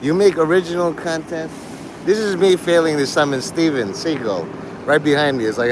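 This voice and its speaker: A man's voice: fairly high pitch, normal speed, noisy background. A man hosting a casual livestream, rambling, laughing often and swearing freely. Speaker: livestream host.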